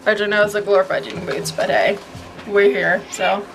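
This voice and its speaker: A woman's voice: medium pitch, steady tone, fairly quick, creaky, faint music behind. A young woman chatting casually in a home vlog, rambling and laughing now and then as she talks to a handheld camera. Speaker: vlogger.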